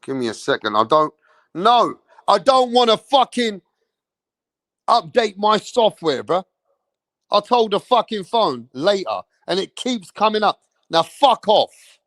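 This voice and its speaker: English guy ranting on his boxing stream, swearing nonstop, kinda high voice, dry sound. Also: sing-song, unhurried, a bit bright, no echo. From England. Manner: angry, swearing constantly, repeats himself. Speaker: boxing channel host. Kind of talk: profane livestream rant.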